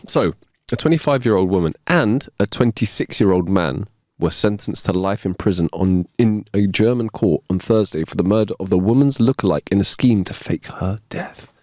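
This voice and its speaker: Chatty low-voiced man. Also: sing-song, moderate pace, darkish tone, dry recording, studio quality. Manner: chatty, reads news aloud with asides, acts out quotes. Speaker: podcast co-host. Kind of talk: casual chat.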